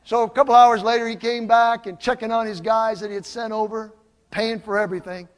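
An older man preaching a sermon, telling stories with lively swings from loud exclamations to quiet asides. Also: high voice, a little fast. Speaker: pastor. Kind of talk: sermon with storytelling. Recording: long hall reverb.

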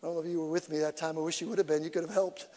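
A man preaching as an evangelist, telling stories with humor and swinging from quiet to shouting. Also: on the high side, rapid-fire. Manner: animated storytelling with humor, shifts from quiet to shouting. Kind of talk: sermon. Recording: echoey hall reverb.

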